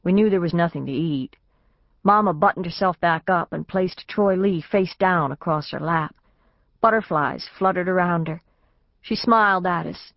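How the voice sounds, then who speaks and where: Plain first-person storytelling comes from this audiobook narrator, whose voice is on the low side and whose pace is moderate. She raises her pitch for the family's dialogue, recorded in a dry, slightly dull studio.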